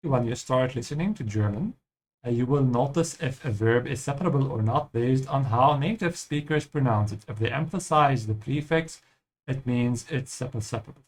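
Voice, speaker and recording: A man's voice: mid-range voice, moderate pace. A man teaching a language over gameplay, explaining patiently and checking in with the listener with "yeah?".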